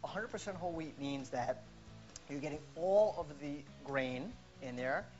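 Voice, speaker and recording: A woman with a notably low voice talks a home cook through a quick healthy meal, upbeat and forever checking in. The sound is dull and lo-fi. Clear music plays under her. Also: animated, darkish tone. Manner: upbeat, keeps checking in with "okay?". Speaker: nutrition coach. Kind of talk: cooking demonstration.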